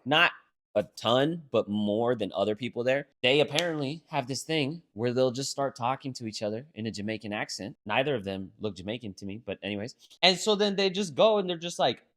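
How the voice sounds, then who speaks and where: A man's voice: mid-range voice, expressive, fairly quick, fairly bright tone. A man co-hosting a podcast, chatting loosely, full of fillers and swearing. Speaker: podcast co-host. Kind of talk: casual chat.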